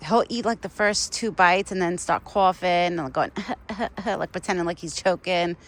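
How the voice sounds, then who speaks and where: A woman's voice: on the low side, normal speed. Chatty young woman vlogging outdoors. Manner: chatty, rambling, laughs often. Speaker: vlogger feeding a wild deer. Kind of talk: casual outdoor vlog chat. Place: outdoors in cold weather.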